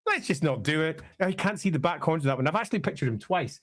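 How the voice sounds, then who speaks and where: A man's voice: fairly high pitch, expressive, fast. A man from the UK chatting casually on a live stream, rambling with friendly asides. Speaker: streamer reacting to a trailer.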